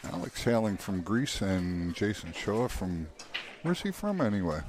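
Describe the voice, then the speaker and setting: A man with a low voice handles live pool play-by-play in a relaxed tone. He reads the score, explains shots and riffs easily with his co-commentator. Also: a little slow. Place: pool hall.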